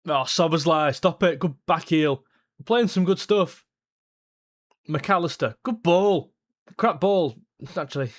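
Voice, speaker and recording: Man, fan watchalong host, slightly high voice, blunt, excitable, swears freely. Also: unhurried, long pauses. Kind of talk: live match watchalong reaction.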